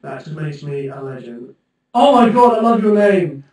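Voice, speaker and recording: A man's voice: a little high, big pitch swings, normal speed. A young man livestreaming, rambling and self-mocking with plenty of swearing. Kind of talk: casual livestream chat. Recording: very echoey room from far off, faint music.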